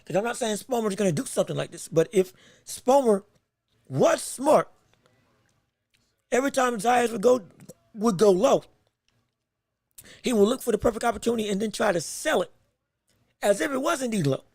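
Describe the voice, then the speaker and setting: High-voiced man calling a fight live. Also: vocal fry, dry recording. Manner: excitable, quick reactions, frequent self-corrections. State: hiccups. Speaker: podcast host and fight commentator. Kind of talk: live boxing commentary.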